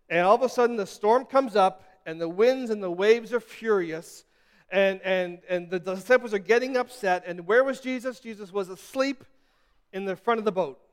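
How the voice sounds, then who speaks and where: A man's voice: sits high, clear, resonant tone, long reverb tail. A man preaching a sermon as pastor, repeating himself with restarts and building to emphatic peaks. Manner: repetitive, stammering restarts, building to emphatic crescendos.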